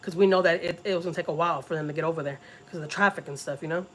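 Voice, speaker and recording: A woman's voice: low voice, fairly even intonation, racing, a bit bright, slight background noise. A middle-aged woman from Texas, telling a story in a casual, emotional way to her vlog viewers and repeating words as she goes. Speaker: family vlogger.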